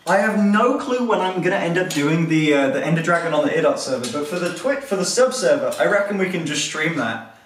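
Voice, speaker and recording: A man livestreaming casually, giggly and excitable, exclaiming as he moves things around the house. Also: a little high, a little fast. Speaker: streamer. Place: indoors, moving furniture in a house. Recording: echoey room, distant mic, faint noise.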